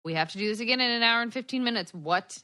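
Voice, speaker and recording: A woman co-hosting a podcast in casual chat over a video call, a tired new mother talking in a bubbly, animated way with lots of laughter. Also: fairly high pitch, quick pace. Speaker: podcast co-host. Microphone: headphones on a video call.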